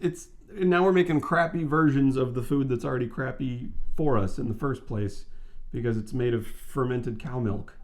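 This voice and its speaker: Emphatic man in his thirties. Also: medium pitch. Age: 30s. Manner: brisk, emphatic, opinionated. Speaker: vlog co-host. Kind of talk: casual chat.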